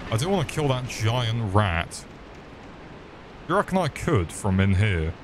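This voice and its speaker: A man's voice: lowish voice, very animated, a little slow, noisy background. A young man giving crude, joking commentary while playing a game and talking to the enemies. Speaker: streamer. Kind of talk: gameplay commentary.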